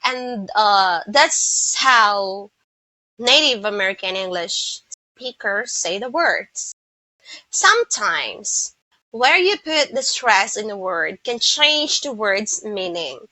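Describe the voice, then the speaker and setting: A woman teaching English pronunciation, slowly modelling word stress and repeating example words. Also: mid-range voice, lively intonation, sharp tone, no echo, rough recording. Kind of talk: online lesson.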